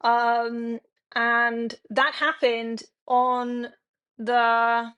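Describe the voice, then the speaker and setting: A woman's voice: a little high, little pitch movement, extremely slow, fairly bright tone, smooth, muffled recording. A young woman streaming from home, chatting frankly and swearing a lot as she rambles to her viewers. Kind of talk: casual chat to a live stream audience.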